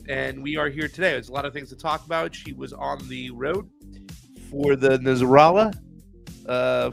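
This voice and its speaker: A man's voice: on the high side, gravelly. A man hosting a casual political talk show over a video call, joking, rambling and swearing freely. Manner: loose, joking, profane, rambling. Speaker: host.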